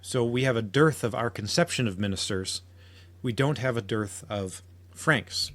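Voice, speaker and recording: Male podcast host, mid-pitched, earnest argumentative delivery, occasional restarts. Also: normal speed, fairly bright tone. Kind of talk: solo podcast commentary.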